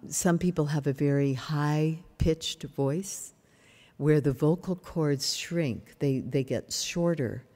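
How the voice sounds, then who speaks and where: Older female yoga teacher, slow and husky, gently explanatory. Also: deep voice. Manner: calm, explanatory, asks the audience questions. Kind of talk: workshop lecture. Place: retreat workshop room.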